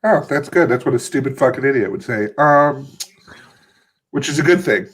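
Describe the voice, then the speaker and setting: Young male co-host, animated up-and-down voice, mock-interviewer banter. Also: mid-range voice, normal speed, slightly rough. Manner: playful mock interviewer, swears freely. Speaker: podcast co-host. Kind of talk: casual comedic chat.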